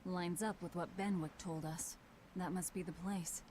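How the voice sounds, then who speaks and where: A woman's voice: lowish voice, steady tone, moderate pace, a little mellow, a little hiss or hum, lightly acted. An actress voicing a grim, hardened young demon woman from a game, who talks bluntly and dryly. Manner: blunt, dry, curt. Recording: game audio with faint music.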